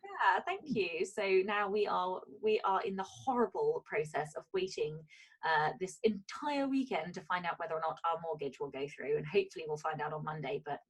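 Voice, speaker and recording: A woman's voice: fairly low pitch, lively intonation, moderate pace, slightly rough, poor audio. A woman co-hosting a podcast in casual chat, talking chattily, laughing often and swearing casually. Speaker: podcast co-host.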